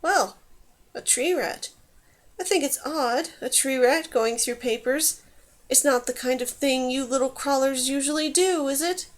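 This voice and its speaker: A woman voicing a vicious male bird-monster villain who taunts and shouts orders. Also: high-pitched, measured pace. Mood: mocking.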